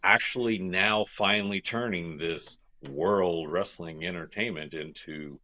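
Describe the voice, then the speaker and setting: Deep forceful podcast co-host man. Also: measured pace. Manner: emphatic, repeats phrases for stress. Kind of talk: casual chat.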